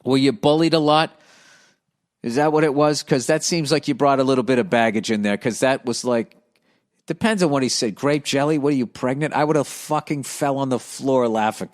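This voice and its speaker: A man's voice: mid-range voice, brisk. A middle-aged man hosting a podcast, reading listener mail and riffing on it in a profane, sarcastic rant. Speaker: comedian podcast host.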